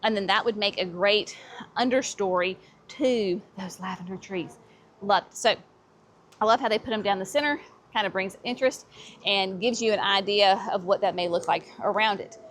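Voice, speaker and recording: A woman hosts a casual garden center tour, chatty and eager as she shows off new plants. Her voice sits at a middle pitch. A light outdoor hum runs underneath. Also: moderate pace, fairly bright tone. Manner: chatty and enthusiastic, says y'all often. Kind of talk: casual walk-through plant showcase.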